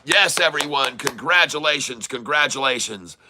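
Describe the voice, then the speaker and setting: A man hosting a live day-trading stream, calling out prices and coaching viewers in an excitable, repetitive way. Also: mid-range voice, normal speed, background noise. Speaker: day-trading livestream host.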